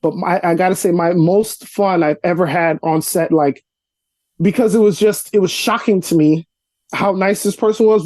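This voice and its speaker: A man from Brooklyn spins a story on a video call, his voice mellow and dark in tone. The sound is dry, with no room around it. He acts out the people in his story, jumping higher as he does. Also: dry recording. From Brooklyn, New York. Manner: animated storyteller, acts out dialogue with rising pitch. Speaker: actor and comedian guest. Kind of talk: casual storytelling interview. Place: cluttered apartment room.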